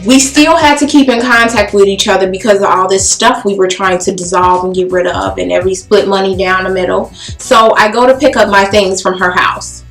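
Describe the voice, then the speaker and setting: A woman's voice: medium pitch, brisk, hardly any pauses. A woman telling a personal story in a casual, blunt and profane way, acting out the dialogue. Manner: animated, blunt and profane, acts out quoted dialogue. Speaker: beauty vlogger telling a story. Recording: roomy echo with faint music.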